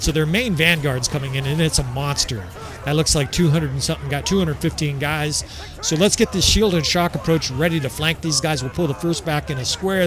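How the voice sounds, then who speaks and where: A man giving casual, excitable gameplay commentary as he sets up a battle, swearing freely and laughing often. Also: a little high, background noise.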